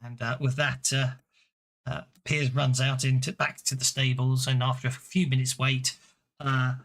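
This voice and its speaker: Man, game master, narrating tabletop game, halting, lots of fillers, bright voice. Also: medium pitch, level tone.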